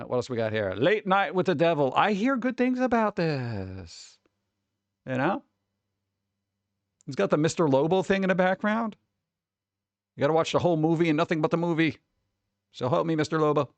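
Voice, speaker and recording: A man hosting a casual live stream, rambling and mocking things with sudden jumps up into a high voice. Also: gravelly, no room sound. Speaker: streamer host.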